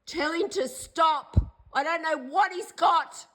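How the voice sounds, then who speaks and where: A woman's voice: very high voice, slow, low-quality recording. An older Australian woman in a distressed direct-to-camera video, pleading and accusing in an agitated way and repeating herself. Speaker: vlogger.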